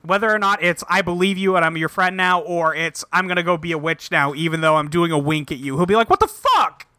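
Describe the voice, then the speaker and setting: A man casually recapping an episode with a co-host, swearing freely and acting out the characters in quick quotes. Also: fairly high pitch, fairly even intonation, pushed and bright, dry recording, studio quality. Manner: loose, profane, acts out characters in quick quotes. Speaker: podcast co-host recapping an anime. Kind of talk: casual chat.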